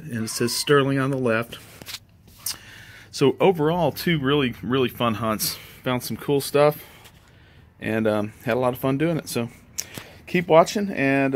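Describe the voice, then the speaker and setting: A middle-aged man, chatting easily and rambling a bit as he talks through his metal detecting finds in a casual vlog. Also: mid-range voice.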